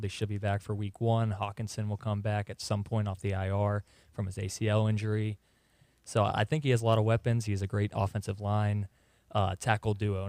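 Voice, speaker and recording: A young man co-hosting a sports talk radio show, giving relaxed, matter-of-fact opinions. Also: lowish voice, no echo.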